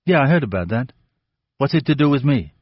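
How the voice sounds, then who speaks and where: Man doing a sneering teen boy, raised pitch, defiant, storybook reading, dull dry recording. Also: sing-song, a little fast, breathy edge, no room sound. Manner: sneering, mocking. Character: sullen defiant teenage boy suspect.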